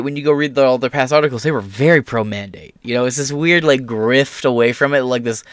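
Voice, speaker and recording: A man's voice: mid-range voice, a little fast, hardly any pauses, no room sound. A young man talking through a casual commentary vlog, sarcastic and mocking, swearing freely. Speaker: political commentator.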